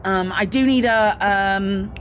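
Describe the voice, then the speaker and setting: Slight background noise accompanies a British woman speaking slowly in a mid-range voice. She streams a space game, chatting casually and greeting viewers in bursts, her talk full of ums and self-deprecating asides.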